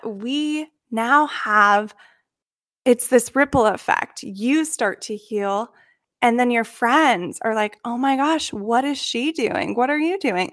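A young woman who works as a coach, talking in a gentle, earnest and reflective vlog monologue, emotional at times. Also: on the high side, dry recording, studio quality.

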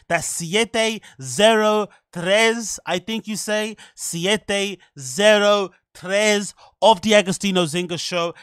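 A man hosting a solo podcast, rambling in a frantic rush with barely a pause for breath. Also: high voice, a bit bright, no room sound, clean studio sound. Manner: rambling, frantic, talks without pausing for breath. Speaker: podcast host.

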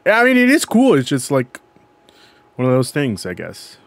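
A man co-hosting a podcast, talking in a loose, casual way. He rambles and restarts his sentences as he walks through a scene. His voice sits at a middle pitch. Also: huge pitch swings, moderate pace, creaky, no echo. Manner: rambling, self-correcting storyteller. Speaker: podcast co-host. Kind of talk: casual chat. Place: podcast recording.

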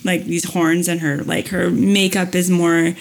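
A woman's voice: on the low side, a little slow, creaky. A woman chatting casually as a podcast guest, telling a long story with lots of "like" and "um". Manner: animated storytelling with many fillers. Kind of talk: casual chat.

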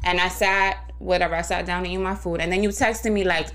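A woman hosting a podcast, telling a story in a casual, animated way with lots of swearing and laughter. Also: lowish voice, quick pace. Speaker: podcast host. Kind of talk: casual chat.

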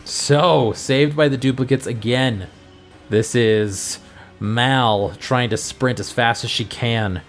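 A man hosting a podcast as game master, narrating a tabletop fantasy game in a measured, descriptive way. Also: medium pitch, faint music behind.

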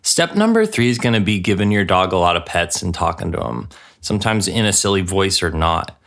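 A man hosting a comedic mock radio show, rambling deadpan with lots of filler words. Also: low-pitched, brisk.

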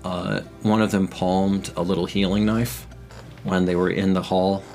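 A man runs a tabletop game, narrating scenes with dramatic, unhurried weight and frequent restarts. His voice sits very low. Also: flat delivery, darkish tone, soft background music. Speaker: game master.

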